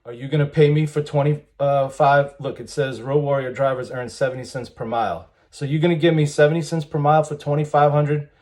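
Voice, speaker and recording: A man's voice: fairly high pitch, level tone, fairly quick, few pauses, a little mellow. A man, reading job ads aloud and commenting bluntly and wryly, chuckling often. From United States. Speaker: trucking channel host.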